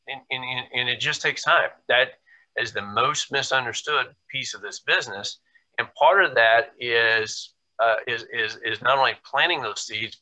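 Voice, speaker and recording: A man hosts a business talk to agents. He has a very bright, forceful voice at a middle pitch. He explains earnestly and builds on analogies. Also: poor audio. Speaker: host.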